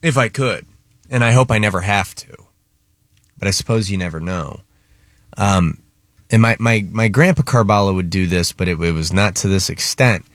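A man with a lowish voice hosts a music radio show and tells a family story in loose, casual banter. He stumbles and restarts now and then. The studio sound is dry and close. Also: moderate pace, dry recording.

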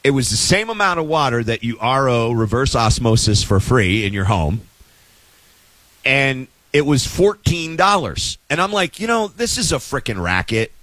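A man's voice: mid-range voice, big pitch swings, normal speed, a bit bright, no room sound, poor audio. A man telling a story in a casual, exasperated rant, with sarcastic asides, as a host at the mic.

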